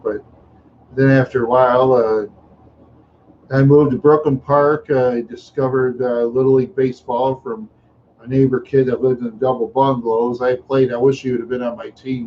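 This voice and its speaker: A middle-aged man from Minneapolis tells meandering childhood stories, chuckling often and throwing in sound effects. His pitch sits in the middle for a man. The recording is dull and lo-fi, with a faint hiss behind it. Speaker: live streamer. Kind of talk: rambling storytelling.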